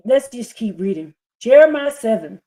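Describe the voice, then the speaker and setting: Fiery preaching woman, higher voice. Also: big pitch swings, moderate pace, dark tone. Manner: fiery, scolding, reads scripture in rising bursts. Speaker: preacher streaming a scripture reading. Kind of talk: impassioned live-stream sermon.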